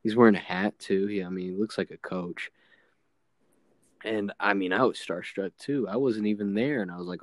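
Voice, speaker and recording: A young man co-hosting a casual chat, laughing often and rambling in a relaxed way. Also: fairly low pitch, moderate pace, no room sound. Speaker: co-host.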